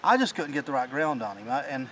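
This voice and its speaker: A man, excitedly telling the story of a hunt in a casual chat outdoors in the mountain woods, rambling and restarting his sentences. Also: mid-range voice, quick pace, slight background noise, poor audio. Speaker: hunting channel host.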